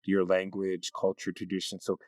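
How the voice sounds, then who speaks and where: A man who is a community knowledge keeper tells stories in a casual interview, easygoing in manner. His voice is low, monotone, and a little mellow at a moderate pace, with no room sound.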